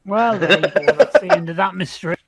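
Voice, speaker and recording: A man's voice: high-pitched, quick pace, over a noisy crowd. A man playing a tabletop game, making dry, joking quips. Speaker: player. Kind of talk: casual tabletop play.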